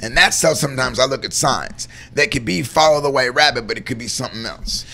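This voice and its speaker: A man's voice: medium pitch, fairly quick, vocal fry, bright, forceful tone, a little hiss or hum. A man co-hosting a casual chat, talking earnestly and rambling about faith and feeling good. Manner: earnest, rambling, acts out little voices in stories. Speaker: co-host.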